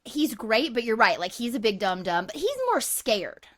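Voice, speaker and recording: Animated woman chatting about a film. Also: on the high side, moderate pace. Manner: animated, swears, laughs easily. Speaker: podcast co-host. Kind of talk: casual movie review chat.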